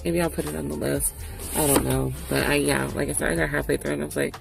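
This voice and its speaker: A woman vlogger in casual chat, relaxed and swearing freely. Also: low voice, fast, gravelly. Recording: music playing behind her voice.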